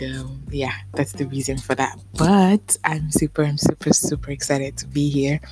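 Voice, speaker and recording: A woman with a notably low voice hosts her solo podcast in loose, casual talk. She sounds a little out of breath and leans on repetition as she chats and apologizes. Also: low-quality recording. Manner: chatty and apologetic, repeats herself. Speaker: podcast host.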